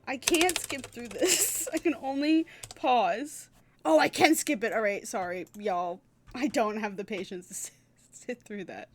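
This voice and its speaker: A young woman streaming a game, chatting casually, gushing and swearing as she reacts. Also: fairly high pitch.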